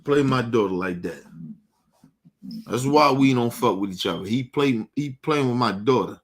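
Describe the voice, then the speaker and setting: A man's voice: medium pitch, lively intonation, moderate pace. A man delivering an angry, profane monologue to his audience, repeating himself and challenging his target directly. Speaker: show host.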